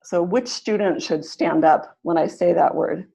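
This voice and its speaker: A woman leading an online teaching webinar, upbeat, who slows down to sound out words syllable by syllable. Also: lowish voice, creaky, mellow, slightly rough. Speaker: teacher trainer.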